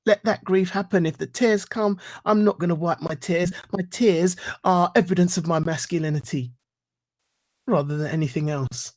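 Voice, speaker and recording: A man giving a reflective talk and reciting spoken-word poetry in an earnest, rhythmic way with deliberate pauses. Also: sits high, darkish tone. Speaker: guest speaker.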